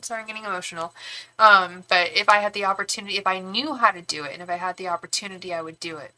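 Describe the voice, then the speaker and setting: Bright-voiced woman giving a rambling tarot reading. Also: medium pitch, very fast. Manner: rambling, frank, swears casually, many restarts. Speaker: tarot reader and psychic medium. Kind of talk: live-stream tarot reading.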